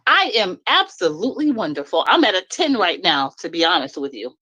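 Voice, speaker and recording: Animated woman venting bluntly. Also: on the low side, brisk, slightly rough, no echo, poor audio. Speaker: live stream guest. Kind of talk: casual chat. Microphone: live stream call.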